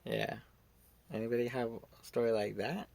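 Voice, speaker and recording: A man's voice: mid-range voice, normal speed, creaky. A young man hosting a podcast, telling a story in a rambling, casual way. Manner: rambling, animated when acting out quotes. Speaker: podcast host.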